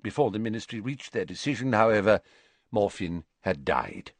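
A man voicing a calm old male wizard headmaster in an audiobook reading, speaking in a measured, patiently explaining way. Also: lowish voice, dry recording.

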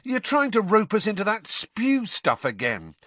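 A man voicing a wry teenage boy, teasing and grumbling, a little higher than his own voice. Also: wildly swooping pitch, moderate pace, bright, forceful tone, no echo, full character voice.

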